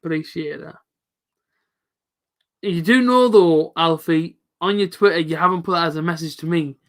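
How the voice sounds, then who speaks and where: Bright, high-voiced young English man. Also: normal speed. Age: late 20s. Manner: chatty, answers viewers by name, colloquial. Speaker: live stream football reaction host. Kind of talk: casual live commentary reading chat.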